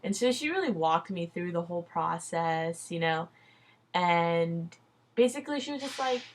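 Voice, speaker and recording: A woman's voice: lowish voice, expressive, normal speed. A young adult woman telling a personal story in a casual vlog, chatty and loose, full of "like" and "dude", swearing freely. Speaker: vlogger.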